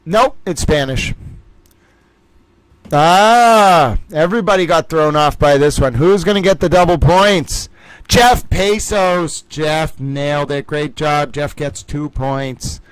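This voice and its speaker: A man hosting a livestream trivia game, reading out names and scores and chatting with viewers in a lively way. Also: on the high side, clean tone, no echo. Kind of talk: casual livestream chat.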